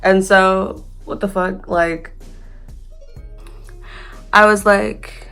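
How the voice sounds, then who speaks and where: A woman's voice: mid-range voice, fairly even intonation, drawn-out words, gravelly, a bit bright, clear, resonant tone, faint music behind. A young American woman casually telling a storytime tale, chatty, laughing and swearing freely. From United States.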